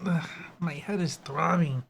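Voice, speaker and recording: A woman's voice: low voice, unhurried, vocal fry, a little hiss or hum. A young woman playing a video game with a friend, making wry, joking remarks. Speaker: game streamer. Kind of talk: casual let's play commentary.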